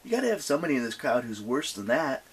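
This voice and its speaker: A woman's voice: very deep voice, sing-song, fast talker, breathy edge, exaggerated voice. A woman voicing a sarcastic, unimpressed teenage boy demigod in a storybook reading. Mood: scoffing.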